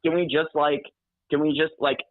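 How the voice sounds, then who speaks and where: A man's voice: on the high side, little pitch movement, moderate pace, no echo. A man calling in by phone, chatting casually, rambling with frequent restarts and laughs. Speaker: caller. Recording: tinny phone line.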